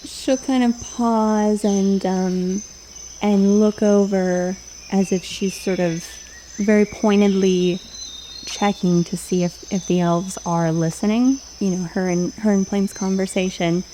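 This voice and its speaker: A woman narrating a tabletop game as game master, unhurried and laughing often. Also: medium pitch, fairly even intonation, warm tone, slight background noise, rough recording.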